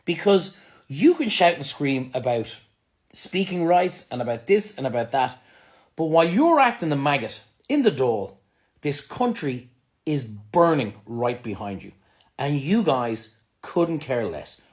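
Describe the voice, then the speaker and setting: Heated Irish man with a lively voice. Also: a little high, unhurried. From Ireland. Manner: angry, blunt and sweary. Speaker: restaurant business owner. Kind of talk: ranting vlog monologue to camera.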